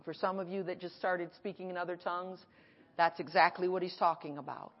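A woman pastor preaching an animated sermon at a conference and acting out her dialogue, recorded in an echoey hall. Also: on the low side, a little fast. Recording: echoey hall, dull sound.

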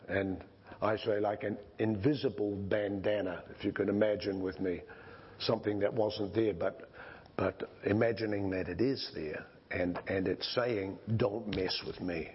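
A male pastor preaching a sermon in slow, conversational storytelling style with frequent restarts, in a dull lo-fi recording. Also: fairly low pitch, a little hiss or hum.

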